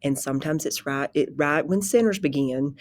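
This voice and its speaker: A woman who teaches pre-K, talking calmly and conversationally about her classroom, often backtracking and restarting sentences. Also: low-pitched, moderate pace, slight background noise. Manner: calm, conversational, rambling with restarts. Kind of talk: informal spoken presentation.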